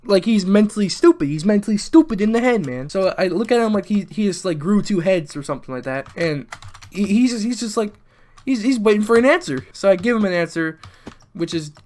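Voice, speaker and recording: A man's voice: high-pitched, brisk, a little mellow. A teenage boy from the American South, rambling through a joking storytime while gaming, full of restarts. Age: teens. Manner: rambling, joking, restarts a lot, mutters at the game. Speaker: YouTuber. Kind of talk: storytime commentary over gameplay.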